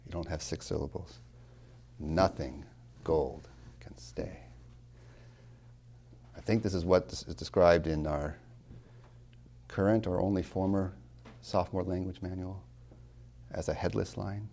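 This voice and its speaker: A man lecturing on poetry as a college tutor. He slows down to stress key words, swings from loud to near-whispered, and drops wry asides to his students. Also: deep voice, fairly even intonation, creaky. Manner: dramatic swings in loudness, drops to near whispers when savoring lines; slow, deliberate emphasis on key words.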